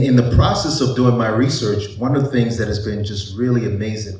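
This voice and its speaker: A man's voice: fairly low pitch, darkish tone, far from the mic. A man, a psychiatrist, giving a conversational panel presentation to a live audience, posing rhetorical questions. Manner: conversational, asks rhetorical questions, frequent "you know". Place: large echoey event room. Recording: echoey hall, voice off-mic.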